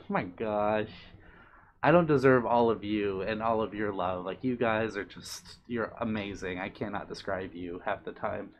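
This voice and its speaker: A young man on a live stream, reading viewer comments aloud and answering them in a gentle, apologetic way. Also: lowish voice, slight background noise. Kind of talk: casual live-stream chat.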